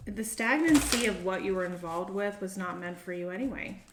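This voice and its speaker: A woman's voice: mid-range voice, moderate pace, noisy background. A middle-aged woman giving a casual tarot reading to camera, chatty and meandering as she thinks aloud. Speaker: tarot reader. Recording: roomy echo.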